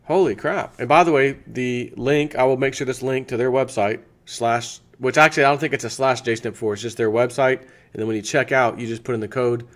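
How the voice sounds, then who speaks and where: A man's voice: medium pitch, steady tone, brisk, hardly any pauses. An American man hosting his own channel, casually chatting through a sponsor segment and thinking aloud with restarts. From United States. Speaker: channel host.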